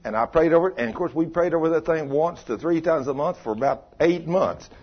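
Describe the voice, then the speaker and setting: A preacher man tells his story in a husky, slightly breathy voice. He swings between low, hushed passages and loud, excited bursts. The recording sounds dull and muffled. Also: fairly quick. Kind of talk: sermon storytelling.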